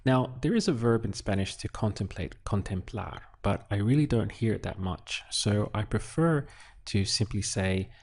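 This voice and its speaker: A man teaching Spanish, calmly working through a translation step by step and thinking aloud with small pauses. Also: on the low side. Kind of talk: unhurried lesson walkthrough while writing.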